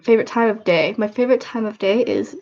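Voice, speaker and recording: A tired, sniffly woman in her twenties rambles through casual livestream chat, low-key and self-deprecating. Her voice has a gravelly, creaky edge. The audio is dull and lo-fi. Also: lively intonation, fast talker, a little mellow. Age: 20s.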